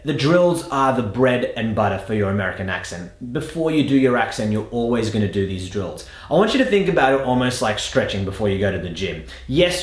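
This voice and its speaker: A man teaching an accent lesson as a coach, explaining drills with an emphatic, lively delivery. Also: mid-range voice. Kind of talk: instructional lesson. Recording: echoey room.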